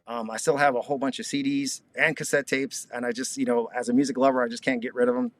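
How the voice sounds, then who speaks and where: A man's voice: medium pitch, steady tone, quick pace, a bit bright, no room sound. A man in his fifties chatting casually as an interview guest over a video call, rambling and laid-back with plenty of fillers. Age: 50s. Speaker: guest musician.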